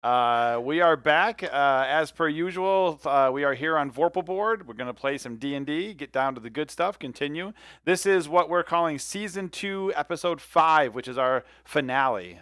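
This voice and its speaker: A man's voice: a little high, fairly bright tone, no echo. A man hosting a remote tabletop game stream as dungeon master, chatty and self-deprecating, with frequent hesitations. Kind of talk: casual livestream hosting. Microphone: headset or desk mic on a video call.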